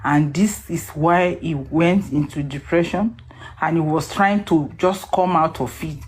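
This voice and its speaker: An emotional woman on the line, close to tears, her voice pitched somewhat low. She speaks earnestly and pleads her point. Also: unhurried, a little hiss or hum.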